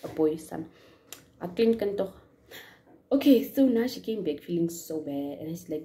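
A woman from Namibia tells a story in a casual vlog at a hair salon. She is animated and repeats words in quick strings. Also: fairly low pitch. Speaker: YouTuber.

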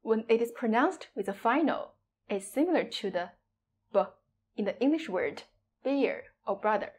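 A woman's voice: on the high side, lively intonation, moderate pace, breathy edge. A woman teaching Mandarin pronunciation, modeling each syllable with exaggerated tones in a scripted lesson.

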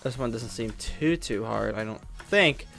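A young male gaming YouTuber narrates his own play, muttering to himself and erupting in frustration. His voice is mid-range, a little slow and creaky, with faint game music in the background.

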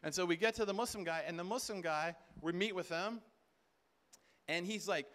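A man speaks from a conference stage in an animated storytelling style. He adds humorous asides and acts out the voices in his anecdotes. His voice sits a little on the high side for a man. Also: moderate pace. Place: conference stage before a live audience.

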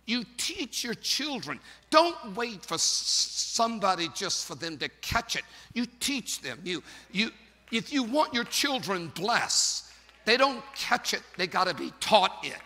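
A male pastor tells a story in his sermon and builds it up to loud shouting. His voice is very high and piercingly bright. It carries a long reverb from a big church sanctuary. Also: sing-song, unhurried.

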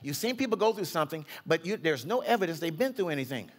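Male pastor, fairly high pitch, chatty sermon delivery with acted-out quotes. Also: big pitch swings, fast talker. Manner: conversational preaching, acts out quotes with big pitch jumps.

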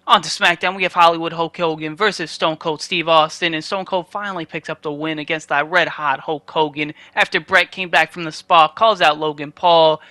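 A young man casually recapping a wrestling video game in quick play-by-play with dry asides. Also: a little high, fairly even intonation, sharp tone, no echo. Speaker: gaming channel host.

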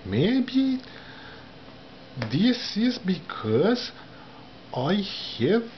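A man with a non-native English accent speaking to camera, in slow, halting, carefully pronounced phrases. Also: big pitch swings, slight background noise. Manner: wide pitch swings from low murmurs to high emphasis. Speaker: vlogger. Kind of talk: talking to camera about learning a language. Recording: dull lo-fi sound with faint ambience.

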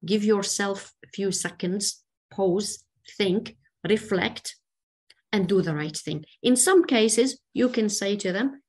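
Slow-talking woman teaching a religious lesson. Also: mid-range voice, slightly rough. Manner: animated storytelling, acts out quoted speech. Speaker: Islamic teacher.

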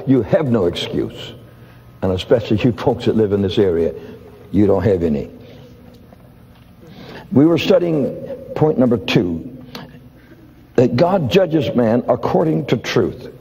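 An older man preaching a sermon, acting out conversations as he tells stories. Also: mellow. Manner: storytelling, acts out dialogues with shifts in pitch. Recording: dull lo-fi audio in a reverberant hall.

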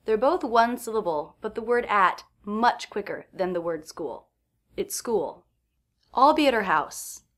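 A woman teaches pronunciation in a clear, precise way. She speaks at a measured pace and repeats each sound she shows, the way a scripted lesson is delivered. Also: mid-range voice, lively intonation, fairly bright tone.

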